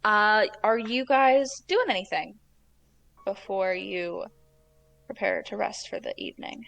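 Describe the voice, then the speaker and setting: Brief: easygoing, hesitant woman game master with a gravelly voice. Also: mid-range voice, a little slow, no room sound. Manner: relaxed, hesitant, many fillers. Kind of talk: running a tabletop game.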